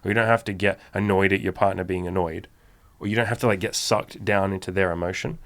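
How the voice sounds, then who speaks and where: A man with a lowish, gravelly voice co-hosts a relaxed podcast conversation. He speaks candidly and with emphasis, dropping casual swears as he goes. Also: fast. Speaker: podcast co-host. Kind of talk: casual chat.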